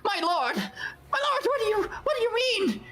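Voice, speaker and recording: A man voicing a small, groveling kobold servant in a tabletop game, yelping in a high, panicked voice. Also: wildly swooping pitch, normal speed, over music, full character voice. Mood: terrified.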